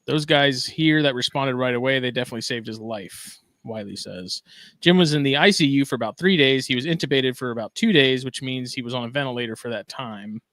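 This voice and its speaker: A man's voice: medium pitch, a little fast, a bit bright, no echo. A man co-hosting a casual podcast, talking in a laid-back, drawling way and reading news items aloud. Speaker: podcast co-host.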